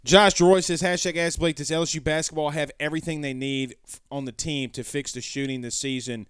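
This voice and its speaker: A man runs a casual sports stream, reading out fan comments and drifting into folksy tangents. His voice sits a bit high and comes across smooth and resonant. The sound is dry and close. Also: steady tone, fairly quick, fairly bright tone, dry recording. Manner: rambling, self-correcting, folksy. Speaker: sports show host.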